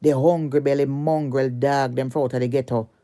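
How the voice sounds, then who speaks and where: A woman's voice: a bass voice, steady tone, fairly quick, warm tone. Furious Jamaican woman ranting. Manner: heated, cursing, repeats insults. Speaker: social media personality. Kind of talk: angry rant at a rival.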